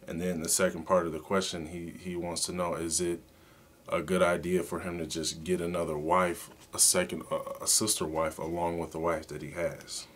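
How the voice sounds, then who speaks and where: A man in his twenties giving an informal teaching talk, telling a story with many halting repeats and loud acted-out outbursts. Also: low voice, flat delivery. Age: 20s. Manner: storytelling, acts out his own past outbursts loudly; halting, repeats words often.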